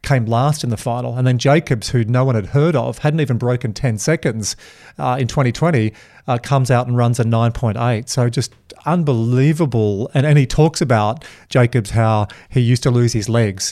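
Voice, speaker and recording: A man co-hosting a casual podcast, telling energetic stories and acting out quoted lines. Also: medium pitch. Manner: energetic, storytelling with acted-out quotes. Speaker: podcast co-host.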